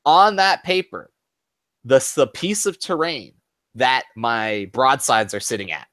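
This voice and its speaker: A man telling a story in casual chat as a podcast co-host, animated and often adding "right?". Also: medium pitch, a little slow, dry recording.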